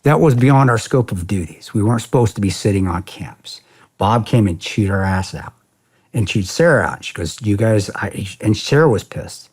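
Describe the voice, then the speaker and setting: A man in his forties, a podcast guest, telling a story in a casual interview in a blunt, profane, animated way with lots of quoted dialogue. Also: fairly low pitch, normal speed, slightly rough. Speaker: podcast guest, former security contractor.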